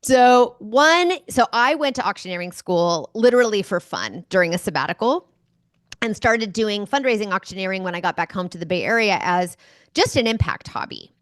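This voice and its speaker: An enthusiastic woman tells stories as a guest in a conversational interview. Her voice sits at a middle pitch and sounds dry, with little room around it. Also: moderate pace, no echo. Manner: enthusiastic, animated storyteller. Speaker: guest speaker.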